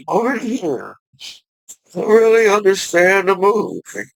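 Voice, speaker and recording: A man in his forties from the United States, talking slowly in a rambling vlog monologue full of "you know" fillers, with sudden loud outbursts. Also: high voice, big pitch swings, vocal fry, no room sound, rough recording. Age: 40s. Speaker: vlogger.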